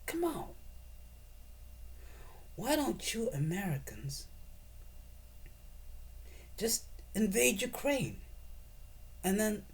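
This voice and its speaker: A man giving a profane, sarcastic and rambling political rant as a commentator. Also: high-pitched.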